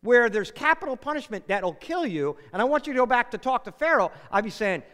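A man's voice: extremely high pitch, big pitch swings, a little fast, fairly bright tone. A man preaching a sermon in a chatty, storytelling way, acting out quotes and tossing in asides. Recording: long hall reverb.

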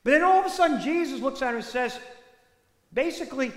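A parish priest giving a sermon in a church, telling the story in a conversational, animated way with many asides. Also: male voice, extremely high pitch, fast. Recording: echoey church hall reverb.

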